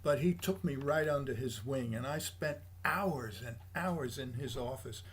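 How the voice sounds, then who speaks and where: A man's voice: mid-range voice, a little slow. Older male guest, storyteller, mimics quoted voices, faint noise behind. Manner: animated anecdotes, acts out quoted voices. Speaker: guest, jazz bassist. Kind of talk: casual storytelling interview.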